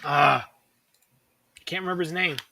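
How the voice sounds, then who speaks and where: A man co-hosting a casual podcast chat, rambling excitedly and pausing to search for names. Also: on the high side, gravelly, heavy background noise. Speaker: podcast co-host.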